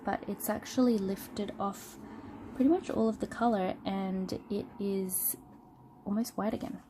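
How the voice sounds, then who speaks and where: A woman with a cold gives a casual, unscripted product review into a smartphone. Her voice is nasal and her tone is warm and mellow. She talks through her work loosely, with frequent ums and pauses. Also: mid-range voice, slight background noise. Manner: relaxed, thinking aloud with many ums while working. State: sick with a cold. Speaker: art channel host.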